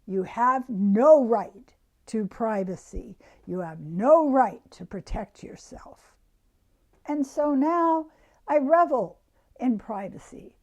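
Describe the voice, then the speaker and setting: A woman giving a reflective self-help talk to her viewers, soft-spoken and often dropping to a hushed near-whisper. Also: on the high side, expressive, slow pace.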